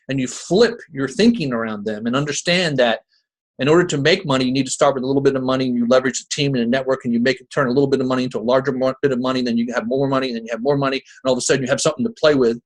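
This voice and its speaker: A man from New Jersey with a Jersey accent, hosting a call in a folksy, rambling way full of restarts and asides. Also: medium pitch. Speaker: host of a crypto marketing call. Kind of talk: casual rambling pitch.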